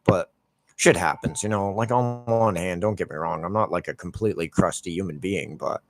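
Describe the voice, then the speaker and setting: A man's voice: deep voice, moderate pace, creaky. A man in his forties, a gaming YouTuber, ranting casually and swearing constantly while he plays. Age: 40s.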